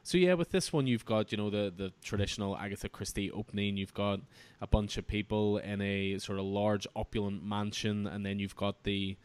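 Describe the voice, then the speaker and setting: A man hosting a casual comic book podcast, relaxed and chatty, laughing often. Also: fairly low pitch, smooth. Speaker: podcast host.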